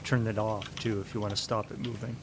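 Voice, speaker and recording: A man's voice: on the low side, level tone, a little fast, a little hiss or hum. A man chatting casually during a multiplayer game and making wry, musing remarks. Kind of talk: casual gameplay chat.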